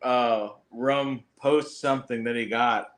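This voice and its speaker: An easygoing man hosts a casual chat. He jokes lightly and greets people as they drop in, keeping a relaxed, friendly back-and-forth. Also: mid-range voice, takes it slowly. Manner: easygoing, joking, greets viewers.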